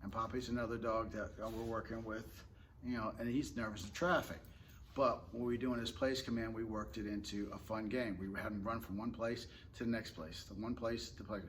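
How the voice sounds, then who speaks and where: A man who trains dogs, talking in a relaxed, rambling way and explaining tips casually with fillers and restarts. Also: on the low side, brisk, slight background noise. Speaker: dog trainer. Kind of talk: casual instructional talk.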